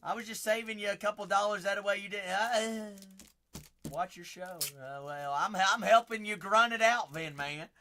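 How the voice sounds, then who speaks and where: A man hosting a live card break, excitable and joking, breaking into sudden shouts, tired after a long stream. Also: sits high, moderate pace. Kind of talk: live-stream commentary while opening packs.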